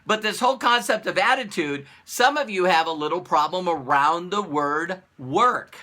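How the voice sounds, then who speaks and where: With a voice that sits high and a moderate pace, a man acting as a business coach talks casually to camera, animated, repeating himself and posing rhetorical questions.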